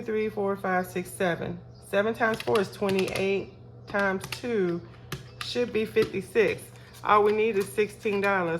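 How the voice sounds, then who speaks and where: Chatting with her viewers as y'all, a woman counts out cash aloud for her budget in a casual vlog. She has a mid-range voice, and a faint hiss or hum runs through the audio.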